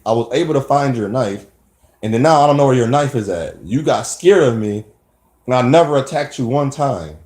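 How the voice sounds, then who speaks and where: A man's voice: medium pitch, expressive, normal speed, darkish tone, roomy sound, slight background noise. A man talking emphatically in a rambling personal monologue, often restarting his sentences. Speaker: vlogger.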